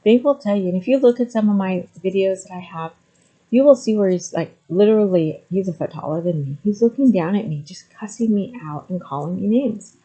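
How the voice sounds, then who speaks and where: A woman's voice: medium pitch, a little fast, mellow, husky, rough recording. A middle-aged woman talking candidly to the camera, with frequent ums, moving between hesitant and emphatic speech. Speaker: vlogger sharing personal story. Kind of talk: candid personal talk to camera.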